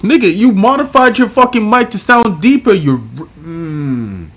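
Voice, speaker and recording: A man in a reaction video, mocking and cursing loudly. His slightly high voice leaps around in pitch. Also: lively intonation, unhurried. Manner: mocking, profane, loud outbursts. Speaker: commentary reactor. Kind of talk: live reaction commentary.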